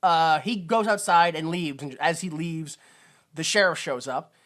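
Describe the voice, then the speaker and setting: A man's voice: a little high, measured pace, fairly bright tone. A man co-hosting a podcast, recapping a film in casual chat, acting out the characters in funny voices and laughing often. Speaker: podcast co-host.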